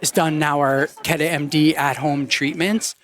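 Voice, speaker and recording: Male guest, higher-pitched voice, animated storyteller who plays out the people he quotes. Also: normal speed. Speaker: podcast guest. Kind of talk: casual storytelling in conversation.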